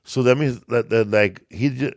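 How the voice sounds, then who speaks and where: A man's voice: medium pitch, normal speed, no echo, studio quality. A man hosting a casual chat, rambling, joking and swearing freely. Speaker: podcast host.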